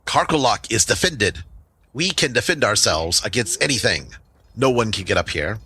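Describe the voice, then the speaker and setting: A man's voice: lowish voice, lively intonation, moderate pace, pushed and bright, husky, no room sound, full character voice. A man voicing a proud, guarded goblin chief who talks in a stilted, commanding way.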